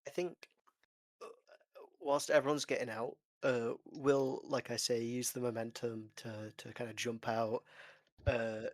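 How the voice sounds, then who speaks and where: A man's voice: mid-range voice, level tone, unhurried, no echo. Hesitant man describing his game character. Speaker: player. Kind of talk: casual tabletop play.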